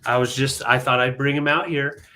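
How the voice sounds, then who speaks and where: A man's voice: mid-range voice, fairly even intonation, a little fast, sharp tone. A man from England co-hosting a live vintage sale, laid-back and chatty, with dry little asides. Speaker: co-host and collector. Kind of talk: casual chat.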